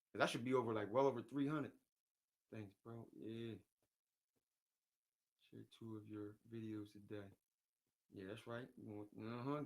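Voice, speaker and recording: A man hosting a casual livestream, rambling and venting, often repeating himself and reading viewer comments aloud. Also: medium pitch. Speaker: livestream host.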